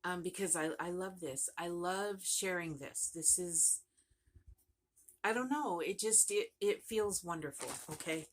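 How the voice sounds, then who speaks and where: Chatting casually to the camera, a woman vlogs about her crochet project in a lowish, slightly slow voice. She rambles, often trails off, and starts over.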